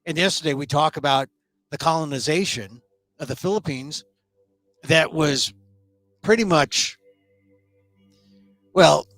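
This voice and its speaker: A middle-aged man hosting his own talk show, delivering an emphatic solo commentary monologue that speeds up and slows down for stress. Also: on the high side, a bit bright, soft background music. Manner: emphatic, shifting pace for stress.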